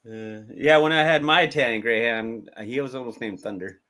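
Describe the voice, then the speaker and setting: A man co-hosting a laid-back movie review podcast. He jokes, laughs a lot and swears casually. His voice sits at an ordinary middle pitch. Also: brisk, sharp tone. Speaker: podcast co-host.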